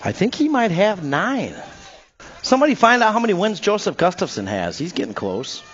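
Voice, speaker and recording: A man calls BMX races live from a tower at an outdoor track, energetic and full of playful nicknames for the riders. His voice sits high. The recording sounds a little dull and muffled. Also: moderate pace. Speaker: BMX race track announcer. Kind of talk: live race commentary.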